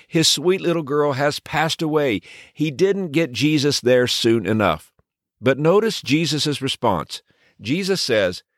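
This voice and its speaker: A man hosts a devotional podcast in a gentle, earnest way, his pitch sitting in an ordinary middle range. He talks close to the microphone in a dry space with no room sound behind him. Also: dry recording. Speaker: podcast host.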